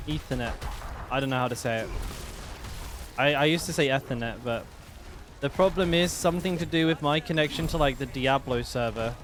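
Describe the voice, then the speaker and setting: A man's voice: on the high side, brisk, a bit bright, a little hiss or hum. A young man streaming a game, talking in a laid-back, rambling way with plenty of slang. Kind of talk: casual live-stream commentary. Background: game music.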